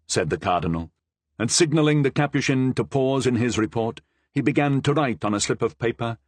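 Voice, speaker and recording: A man reading a historical novel aloud as narrator, with expressive, lively delivery. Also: medium pitch, fairly quick, no echo. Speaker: audiobook narrator. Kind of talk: scripted narration.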